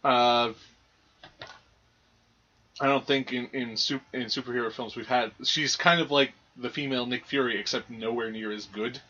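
A man's voice: medium pitch, steady tone, normal speed, bright, forceful tone. A man co-hosting a casual movie review podcast, making dry joking asides. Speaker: podcast co-host. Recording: dull lo-fi recording.

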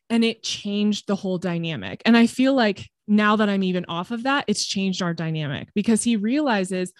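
A woman guest telling her story in a candid, conversational way, frank and expressive and swearing freely. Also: mid-range voice, moderate pace, hardly any pauses, no room sound, clean studio sound. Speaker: podcast guest.

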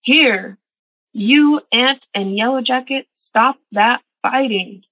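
A woman voicing a booming, commanding coyote. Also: flat delivery, measured pace, husky, no room sound, phone-quality sound. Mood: stern. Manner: booming, ordering. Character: commanding male coyote, stern trickster elder.

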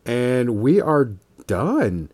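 A man hosting a podcast in a relaxed, joking way, swearing now and then over closing music. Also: mid-range voice, very slow. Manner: loose, joking, swears casually. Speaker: podcast host. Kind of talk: casual chat. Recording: music playing behind.

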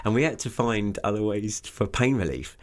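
A man's voice: on the low side, expressive, normal speed. A man with an English accent, chatting casually as a guest and rambling with many fillers. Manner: rambling, full of fillers and restarts. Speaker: guest, business owner. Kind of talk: casual conversation.

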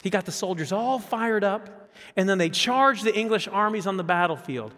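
Animated high-voiced pastor preaching. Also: male voice, normal speed. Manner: animated, repeats phrases, rhetorical questions. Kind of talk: sermon. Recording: long hall reverb.

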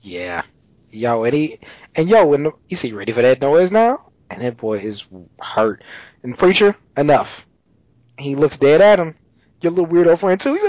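A man in casual chat, recapping a TV episode and slipping into quick character voices. His pitch leaps around as he tells it, and the dry, slightly dull recording has no room sound. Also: very animated, darkish tone, no echo. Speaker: podcast co-host recapping a TV episode.

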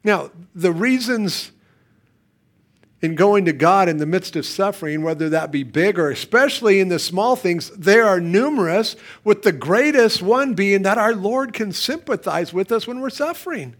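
Man, middle-aged, pastor, sermon, higher voice, quiet drops and loud emphatic bursts. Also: expressive, normal speed.

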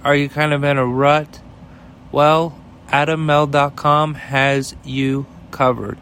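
A man's voice: fairly high pitch, level tone, takes it slowly, fairly bright tone, slight background noise. A man hosting his own show, giving blunt, profane commentary on the news and reading sponsor ads in a casual, offhand way. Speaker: host.

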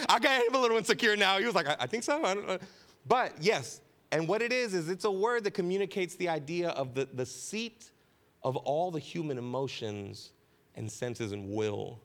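A man's voice: a little high, a bit bright. A man preaching a conversational sermon as pastor, joking with the congregation and repeating key phrases for emphasis. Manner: casual, joking, keeps asking "right?".

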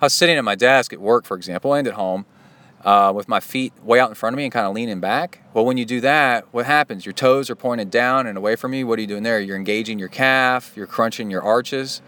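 This podcast host, a middle-aged man, talks briskly in a mid-range, fairly bright voice. In a loose, rambling monologue he pokes fun at himself and keeps wandering into tangential anecdotes.

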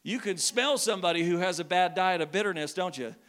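Bright-voiced high male pastor preaching. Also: brisk. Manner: conversational, joking with the congregation. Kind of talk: sermon. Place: church hall.

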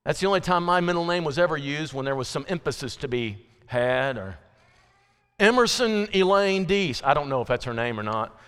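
Pastor guy, high-pitched, chatty and emphatic, lots of questions to the crowd. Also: fairly bright tone, clean tone, long reverb tail. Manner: conversational, emphatic preaching with rhetorical questions. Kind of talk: sermon.

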